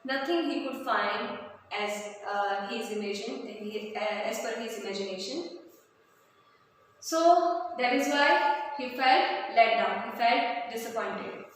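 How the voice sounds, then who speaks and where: A woman teaching a textbook chapter, explaining it slowly and stopping often to gloss words, with fillers. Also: on the high side. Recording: echoey room from far off, faint noise.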